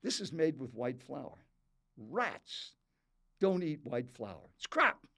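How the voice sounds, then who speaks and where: A man's voice: sing-song, takes it slowly, pushed and bright, heavily acted. An older man acting out a blunt, annoyed stranger on a plane who lectures scornfully about food. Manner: scornful, lecturing, rising up high on put-downs.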